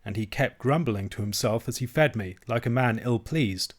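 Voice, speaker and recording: In a mid-range voice, a male audiobook narrator reads a classic novel from a script. He keeps his storytelling measured and even.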